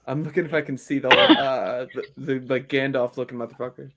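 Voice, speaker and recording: A man's voice: medium pitch, fairly even intonation, over a noisy crowd. Hesitant young male player. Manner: hesitant, halting with many "uh"s. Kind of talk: casual play at the table.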